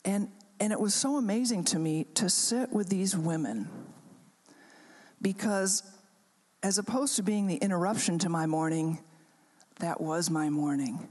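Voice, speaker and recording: A woman's voice: fairly low pitch, a little slow, long pauses, darkish tone. A woman pastor telling a story in a sermon, talking conversationally with many fillers and restarts. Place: chapel hall. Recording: long reverb of a chapel hall.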